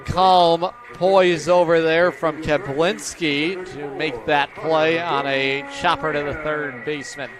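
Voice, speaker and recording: A man calling live baseball play-by-play, brisk and upbeat on each pitch. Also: steady tone, crowd noise. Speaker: play-by-play announcer.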